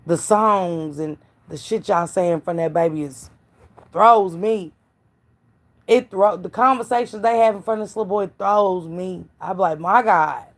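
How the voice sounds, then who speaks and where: A woman's voice: fairly low pitch, measured pace. A woman giving blunt, profane gossip commentary to her live stream chat, preaching and calling out viewers by name.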